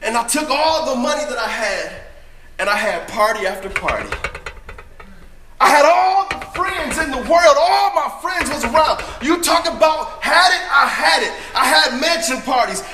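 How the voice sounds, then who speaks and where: A man performing a dramatic first-person monologue as a brash, boastful young prodigal son, emphatic and often shouting. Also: extremely high pitch, lively intonation, moderate pace, reverberant, a little hiss or hum, heavily acted.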